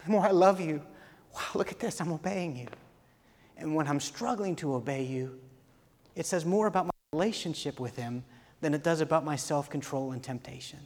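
Male pastor, sermon, slightly high voice, earnest, builds to impassioned, long hall reverb. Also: moderate pace, long pauses, darkish tone.

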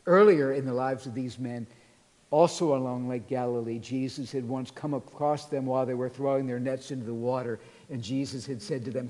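A pastor preaching a sermon in a church, earnestly retelling scripture and quoting it in a softer voice. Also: male voice, medium pitch, fairly even intonation, brisk. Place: church sanctuary. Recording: long reverb of a large hall.

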